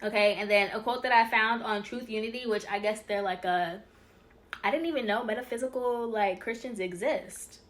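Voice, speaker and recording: A woman teaching spiritual ideas on her own channel in a casual, chatty way. She gets excitable and keeps talking straight to her viewers. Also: on the high side, moderate pace. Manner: addresses viewers as y'all and you guys. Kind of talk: casual teaching talk over slides.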